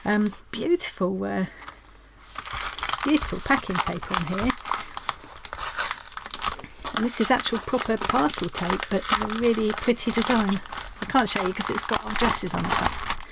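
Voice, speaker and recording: A woman hosting a craft channel, chatting casually and excitedly as she opens mail in her craft room. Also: mid-range voice, unhurried, gravelly, pauses often, heavy background noise. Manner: chatty and excitable, gasping and laughing often. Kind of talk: casual chat while unboxing mail.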